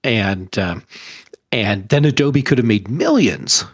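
A man co-hosting a podcast, chatting casually and explaining his points in a measured way. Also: fairly low pitch, lively intonation, breathy edge, no echo, clean studio sound. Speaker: podcast co-host.

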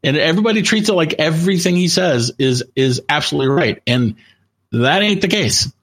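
Skeptical, husky man with a lively voice. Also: a little high, a little fast. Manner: skeptical, emphatic. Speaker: podcast co-host. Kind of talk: casual tech podcast chat.

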